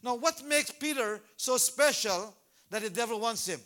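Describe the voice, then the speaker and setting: High, bright-voiced preacher. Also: male voice, normal speed. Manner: animated, repeats names, bursts into shouts. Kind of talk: sermon. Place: church service.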